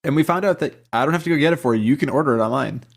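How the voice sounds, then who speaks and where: A man's voice: mid-range voice, racing, creaky. A man co-hosting a casual podcast, blunt and sarcastic in his remarks. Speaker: podcast co-host. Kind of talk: casual chat.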